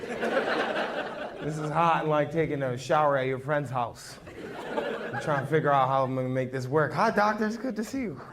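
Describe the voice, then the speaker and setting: A man's voice: a little high, lively intonation, normal speed, long pauses. Brash profane man doing stand-up. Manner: profane, brash, teasing the audience. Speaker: stand-up comedian. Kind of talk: stand-up set with crowd work. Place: small comedy club. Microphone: handheld microphone. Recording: noisy live club with loud crowd. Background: audience laughter.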